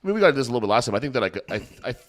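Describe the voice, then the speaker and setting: A man cuts in on a casual podcast with rapid, teasing jokes, his pitch bouncing widely as he riffs. His voice is mid-pitched and his delivery quick and playful. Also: very animated. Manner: teasing, joking, quick interjections. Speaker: podcast co-host.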